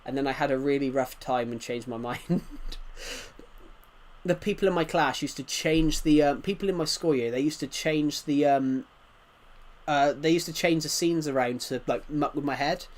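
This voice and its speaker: Fairly high-pitched and speaking at normal speed, this game streamer in his twenties casually rambles to his chat. He's from the United Kingdom and has a thick rural British accent.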